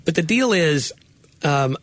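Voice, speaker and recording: A man's voice: a little high, expressive, takes it slowly, a bit bright, no room sound. A man co-hosting a casual chat with his wife, self-deprecating and laughing often. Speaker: podcast co-host.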